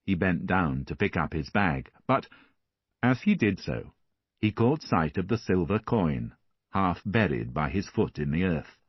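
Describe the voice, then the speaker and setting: A man reading a classic novel aloud as an audiobook narrator, measured and expressive. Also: low voice, husky, no echo, lo-fi sound.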